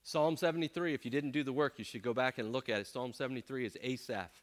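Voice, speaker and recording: A man leading an interactive Bible class, animated and acting out people's complaints in voices. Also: medium pitch, fast. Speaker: pastor teaching a class.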